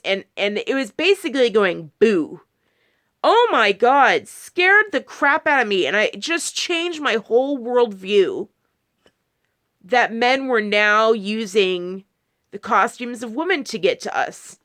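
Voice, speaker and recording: A woman's voice: medium pitch, fairly bright tone. A married woman talking casually to camera, rambling through a personal story with many restarts and quoted asides. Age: adult, married. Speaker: video creator.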